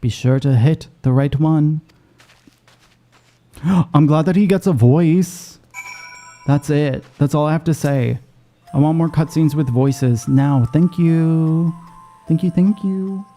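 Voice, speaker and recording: A male streamer reacts to his game in an excitable, profane running commentary, his voice sitting a bit high and leaping up when something surprises him. Faint game music plays underneath. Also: slow pace, long pauses.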